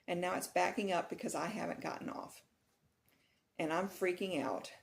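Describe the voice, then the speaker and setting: Casual vlogger, middle-aged woman from Texas with a lower voice, lively and laughing while telling a story. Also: normal speed, gravelly, a little hiss or hum. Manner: animated, laughing retelling of a nightmare.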